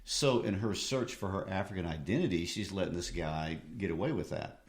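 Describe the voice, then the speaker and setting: A man co-hosting a podcast, explaining a play in a measured, casual way. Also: sits low. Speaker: podcast co-host. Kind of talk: casual literature discussion. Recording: roomy echo.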